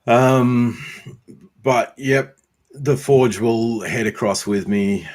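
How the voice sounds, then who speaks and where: An Australian YouTube homesteader and blacksmith answers viewer comments in a casual livestream, his mid-range, slightly mellow voice fairly even in intonation. He's unhurried, says um a lot, and teases viewers by name in a friendly way.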